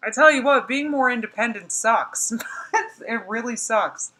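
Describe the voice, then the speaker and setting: A woman's voice: on the high side, measured pace, sharp tone, poor audio. A woman hosting a casual reaction stream with a New Jersey accent, talking bluntly and with exasperation, laughing often. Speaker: host reacting to a livestream.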